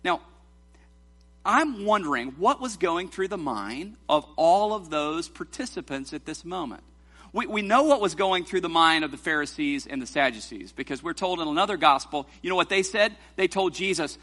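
A man with a bright, somewhat high voice preaches in a church sanctuary. He is animated, draws scripture out slowly, then turns light and teasing as he coaches the congregation through a responsive reading. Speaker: pastor.

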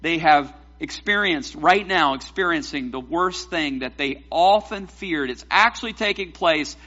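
Animated man preaching a sermon. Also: fairly high pitch, a little slow, highs cut off. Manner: animated, joking asides to the congregation. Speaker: pastor.

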